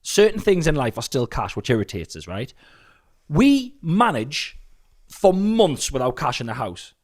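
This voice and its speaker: Animated hungover man. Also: fairly high pitch. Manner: animated, exasperated storytelling with swearing. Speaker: podcast co-host. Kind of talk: casual chat.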